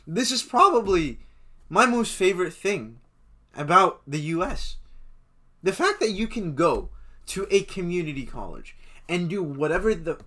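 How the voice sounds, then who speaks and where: Here a young man in his twenties, a vlogger, chats excitedly through a list of favorite things, tripping over repeated words as he goes. His voice sits a little high, with a pushed, bright quality.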